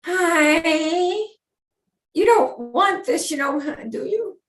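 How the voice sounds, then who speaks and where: A meek, apologetic caller, as a woman puts her on, squeaks out her lines in a high, hesitant voice. She sounds unsure of every word. The room rings with a noticeable echo. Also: extremely slow, fairly bright tone, recorded from a distance, soft background music, heavily acted. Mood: timid. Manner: high, hesitant, self-doubting.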